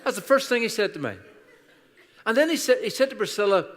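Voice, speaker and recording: A man's voice: extremely high pitch, expressive, fast, a bit bright. A man in his sixties with an Irish accent, a guest pastor telling funny stories in a chatty, self-deprecating sermon. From Ireland. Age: 60s. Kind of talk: humorous sermon storytelling. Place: church auditorium. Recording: reverberant church hall.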